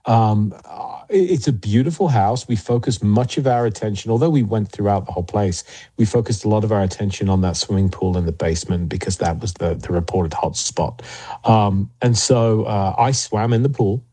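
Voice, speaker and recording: A man as an interview guest, telling investigation stories in a measured way with frequent pauses and fillers. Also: lowish voice, warm tone, husky, no room sound. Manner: measured, many fillers and restarts. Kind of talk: interview storytelling.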